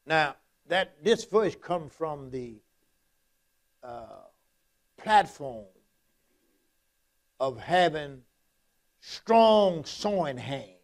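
Preacher guy, high pitched, folksy, keeps repeating himself for emphasis. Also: big pitch swings, drawn-out words, pauses often. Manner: folksy, repetitive, emphatic preaching with Scripture quotes. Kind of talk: sermon.

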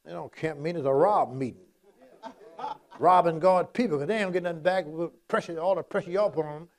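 A man's voice: fairly high pitch, a little fast. A man preaching a sermon in a folksy, repetitive, emphatic way, quoting Scripture.

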